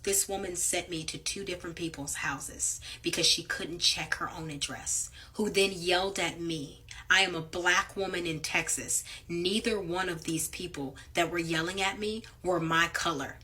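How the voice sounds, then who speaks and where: A woman's voice: on the low side, normal speed, few pauses, pushed and bright. A woman delivery driver ranting to camera in a blunt, profane, angry way.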